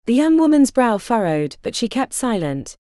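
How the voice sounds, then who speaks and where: A woman narrating a historical romance audiobook in a measured, storytelling manner. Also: a little high, very animated, warm tone, dry recording, studio quality.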